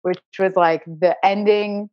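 A woman speaks as a podcast guest, sharing a heartfelt healing story in an earnest, spiritual tone. She often doubles back on her words mid-thought, and her voice sits at an ordinary middle pitch. The recording is dry and a little muffled. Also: fairly even intonation, slow pace, dry recording. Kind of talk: reflective personal storytelling. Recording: dry, slightly dull recording.

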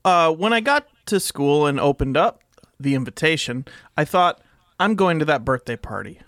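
A man's voice: fairly high pitch, expressive, normal speed, fairly bright tone, dry recording, studio quality. A man voicing an elderly male school bus driver, eager and gleeful, in a comedy podcast bit.

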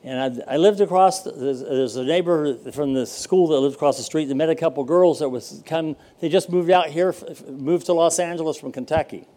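An older man preaching a sermon as pastor, telling stories in a folksy way with dramatic pauses. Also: on the high side, dark tone.

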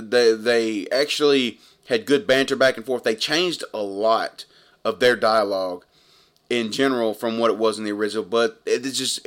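A man's voice: medium pitch, a bit bright. An earnest man in his thirties talks through a film review in a casual, rambling way. He circles back to the same points, restarting sentences as he works through his thoughts. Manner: earnest, rambling, repeats himself. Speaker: movie reviewer.

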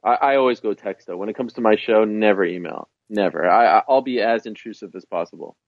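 A man's voice: fairly low pitch, brisk, no room sound, highs cut off. A man guesting on a podcast, chatting casually and emphatically about his own show. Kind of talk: casual interview chat.

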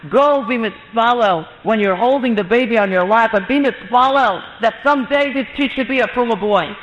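Man, very high voice, storyteller, animated, long hall echo, muffled sound. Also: moderate pace, a little hiss or hum. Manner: animated, acts out quoted voices with rising pitch. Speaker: storyteller, mohel. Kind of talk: telling an inspirational religious story. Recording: muffled lecture in a reverberant hall.

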